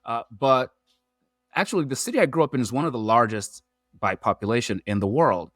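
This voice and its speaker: A man, a podcast guest who explains his points through lively analogies and metaphors. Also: mid-range voice, a little fast, no room sound, studio quality, faint music behind. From Nigeria. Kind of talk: animated storytelling in an interview.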